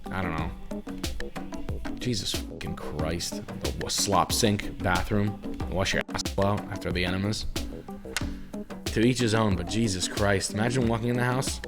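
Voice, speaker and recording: A man's voice: lowish voice, moderate pace, pauses often, loud music behind the voice. A man in his thirties, a streamer, telling crude, rambling comedic stories in casual chat. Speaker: streamer and host.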